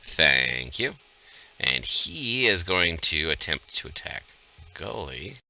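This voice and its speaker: A man's voice: low-pitched, very animated, takes it slowly, sharp tone, no room sound, muffled recording. A man acting as dungeon master in a live tabletop game, calling rolls and joking about the rules.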